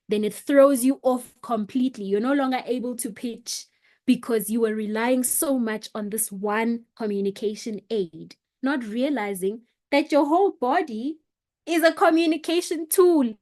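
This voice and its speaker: A woman teaching how to pitch, speaking emphatically and varying her pace and pitch for effect. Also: moderate pace, a little mellow. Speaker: presentation coach. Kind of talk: motivational lesson on pitching.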